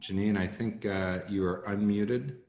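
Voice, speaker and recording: A man's voice: lowish voice, fairly even intonation, a little slow, a little mellow, reverberant. A man chairing a video-call meeting in an earnest, emphatic way, calling on speakers.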